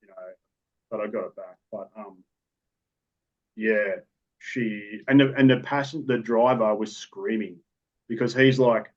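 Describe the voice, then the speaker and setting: This is a man with an Australian accent, a police officer being interviewed for a podcast about his work experiences. His voice is medium-pitched and a bit mellow at a normal speed, and he rambles matter-of-factly with restarts on a dull lo-fi recording.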